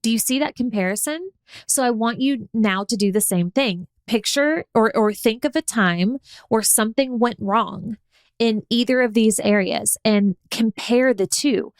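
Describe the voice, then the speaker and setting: A young woman hosting a podcast, coaching listeners in a chatty, animated way and acting out her own inner thoughts. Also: fairly high pitch, unhurried, dry recording. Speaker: podcast host. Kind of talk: casual coaching monologue.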